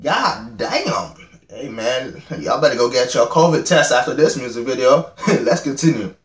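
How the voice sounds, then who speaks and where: Lively young man with a roomy echo. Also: medium pitch, normal speed. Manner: animated, rambling, self-mocking with frequent laughs. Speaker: reaction vlogger. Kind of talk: music video reaction. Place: home room.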